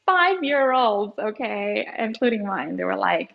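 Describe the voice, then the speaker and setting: A woman's voice: medium pitch, sing-song, measured pace, vocal fry, fairly bright tone, a little hiss or hum, poor audio. A woman in her thirties, an author guest chatting casually in an interview, giggly and full of fillers.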